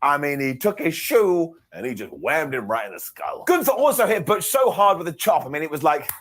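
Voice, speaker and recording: A man's voice: fairly high pitch, big pitch swings, a little fast, fairly bright tone. A man co-hosting a podcast, recapping wrestling in a playful, self-mocking way. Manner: playful, self-mocking storyteller who acts out quotes. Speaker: podcast co-host.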